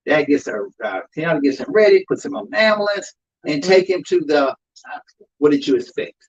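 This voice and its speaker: A man's voice: a little high, big pitch swings, brisk, slightly rough, highs cut off. A man who works as an undertaker and hosts a show, talking emphatically about grief in a preaching style and calling out to the audience. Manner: emphatic, calls out to the audience with "y'all".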